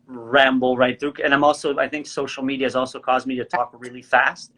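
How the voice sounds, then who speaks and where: Bright-voiced Canadian man from Montreal. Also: medium pitch, fairly quick. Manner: animated storyteller, acts out voices, laughs often. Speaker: guest actor. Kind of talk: casual chat.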